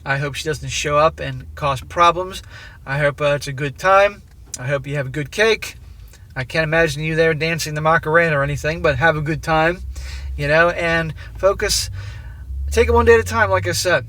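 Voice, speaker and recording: A man's voice: on the high side, moderate pace, pushed and bright. A male host reading a viewer's email aloud and breaking in with blunt, chatty commentary that includes offhand swearing.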